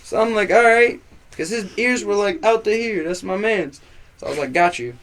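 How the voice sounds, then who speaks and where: A young man telling a long, animated story in casual chat, swearing freely and acting out what people said. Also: high voice, fairly quick. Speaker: guest.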